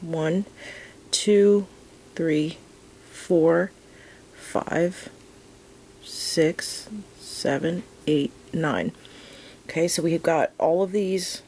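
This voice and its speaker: A woman teaching a crochet tutorial in a casual, chatty way, counting her stitches softly as she works. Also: low voice, drawn-out words, pauses often, a little hiss or hum, low-quality recording. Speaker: crochet instructor.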